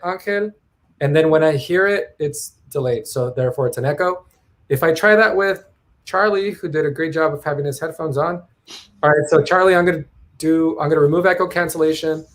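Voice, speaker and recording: A man's voice: a little high, fairly quick. A man hosting a casual live stream over a video call, chatting and thinking aloud. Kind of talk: casual chat.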